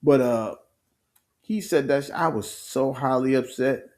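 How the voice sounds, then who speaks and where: A man hosting a live stream, telling the story in an animated, slang-heavy way with swearing and casual sports talk. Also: mid-range voice, unhurried.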